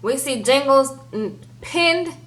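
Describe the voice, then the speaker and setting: A woman giving a casual, animated recap of a TV episode, peppering it with "girl" and "okay?". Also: high voice, takes it slowly, low-quality recording. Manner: chatty, animated, says "girl" and "okay?" often. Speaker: TV show recap reviewer.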